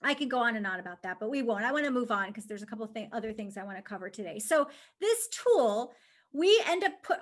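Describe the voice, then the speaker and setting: High-pitched woman leading a live online class, chatty coach, keeps checking the audience is with her. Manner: chatty and conversational, with frequent "right?" check-ins. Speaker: leadership coach and webinar presenter. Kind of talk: live webinar teaching. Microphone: camera mic facing the presenter.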